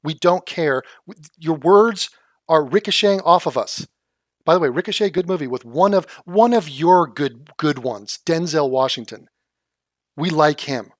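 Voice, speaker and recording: A man on a live stream tears into the video he is watching. His commentary is sarcastic and full of swearing, pitched a little high, and sits close and dry in the mic. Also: lively intonation, moderate pace, no room sound. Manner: mocking, sarcastic and profane.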